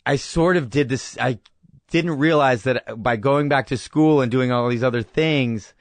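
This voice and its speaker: A man's voice: mid-range voice, unhurried, no room sound. A man in his thirties, a guest in a casual interview, talking earnestly and reflectively and telling stories with quoted dialogue.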